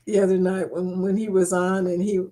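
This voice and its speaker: A woman's voice: fairly low pitch, level tone, normal speed, mellow. A woman hosting a casual live stream from her laptop, chatting to viewers by name and laughing often. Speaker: livestream host. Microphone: laptop mic.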